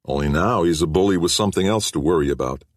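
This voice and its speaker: Deep husky male audiobook narrator. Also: quick pace, no room sound, clean studio sound. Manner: expressive, varied reading.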